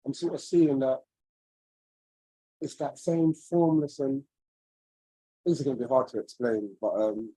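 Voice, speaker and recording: A man's voice: medium pitch, steady tone, unhurried, pauses often, mellow, no room sound, poor audio. A man on a video call, sharing a personal story in an earnest, searching, rambling way. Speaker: webinar participant.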